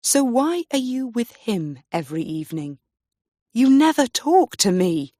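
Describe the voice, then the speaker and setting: A woman reading the lines of a sneering young husband and weak king, low, quiet and mocking. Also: very animated, unhurried, no echo, studio quality.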